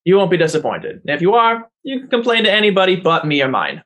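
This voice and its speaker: A man running a tabletop game as game master, casual and quick to laugh. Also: high voice, very animated, fairly bright tone.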